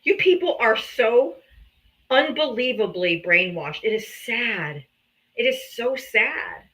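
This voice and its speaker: A woman's voice: fairly high pitch, expressive, slow pace, a bit bright, low-quality recording. A woman hosting a live political debate stream, combative, sarcastic and heavy on profanity.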